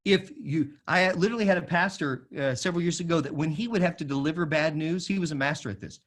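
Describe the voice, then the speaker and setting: Male speaker, preaching style, fairly high voice, emphatic delivery that swings loud and soft, gets the room repeating after him. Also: fast talker. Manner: emphatic, varies loudness widely, drops to a soft low voice for quoted lines; calls on the audience to repeat phrases. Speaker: speaker at a school of music forum. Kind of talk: sermon-style talk.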